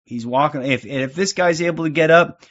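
A man streaming, giving crude, excited live reactions to video clips. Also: a little high, normal speed. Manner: excitable, crude, hyped outbursts. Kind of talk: profane live reaction commentary. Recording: muffled audio, crowd and noise behind.

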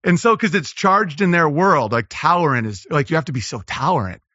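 Man, comedian, podcast guest, rambling, riffing, bright tone, dry lo-fi audio. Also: fairly high pitch, expressive, no room sound. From Los Angeles. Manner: rambling, riffing, slips into quick impressions. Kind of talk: casual podcast conversation.

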